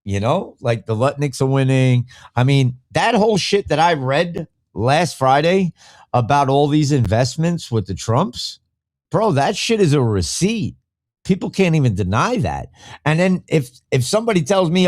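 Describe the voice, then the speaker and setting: A man's voice: medium pitch, very animated, normal speed, darkish tone, no room sound, studio quality. A man hosting a live podcast, ranting heatedly and profanely in casual talk, reading viewer comments between tirades. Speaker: podcast host. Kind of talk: casual live-stream rant.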